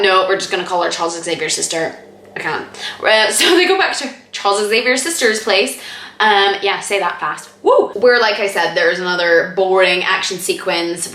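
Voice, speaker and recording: A woman's voice: medium pitch, fairly bright tone. A woman giving a casual spoken movie review, rambling and sarcastic, leaning hard on filler words and laughing mid-sentence. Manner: rambling and sarcastic, heavy on "like" and "freaking". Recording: echoey room.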